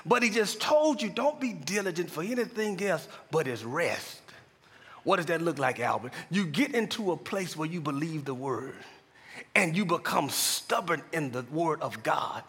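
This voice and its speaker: Shouting preacher with a bright, husky voice. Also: male voice, on the high side, animated, moderate pace. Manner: call-and-response preaching, building to shouted climaxes. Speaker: pastor and chaplain. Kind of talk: sermon. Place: large church hall. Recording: long hall reverb.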